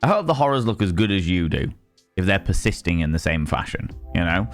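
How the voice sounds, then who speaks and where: A man's voice: low voice, very animated, fairly quick, soft background music. A man chatting casually with his viewers on a live stream, greeting them by name and rambling playfully between topics.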